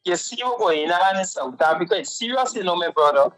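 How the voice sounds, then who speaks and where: A man's voice: high voice, lively intonation, a little fast, fairly bright tone, rough recording. A man co-hosting a talk show, earnest and impassioned, always calling his partner "my brother.". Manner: earnest, keeps repeating "my brother". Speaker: co-host.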